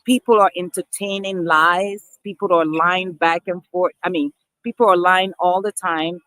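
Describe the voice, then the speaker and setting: A woman's voice: fairly low pitch, steady tone, a little slow, a bit bright, dry recording, poor audio. Woman vlogging straight to camera, earnest and emphatic, keeps restarting phrases, dry close sound. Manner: earnest, emphatic, addresses viewers as people. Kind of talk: casual talk to camera.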